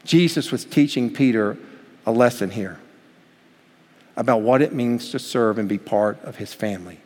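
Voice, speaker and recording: Preacher with a ringing hall echo. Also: male voice, medium pitch, moderate pace. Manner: preaching with dramatic swings between loud and hushed; acts out quoted voices in the story. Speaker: pastor. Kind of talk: sermon.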